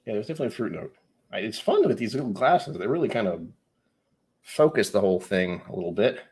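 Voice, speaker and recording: Live-stream host, male, low husky voice, lively up-and-down delivery, rambling and self-mocking. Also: quick pace. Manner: rambling, self-mocking, reads chat comments aloud. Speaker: whiskey channel host. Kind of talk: casual live-stream tasting chat.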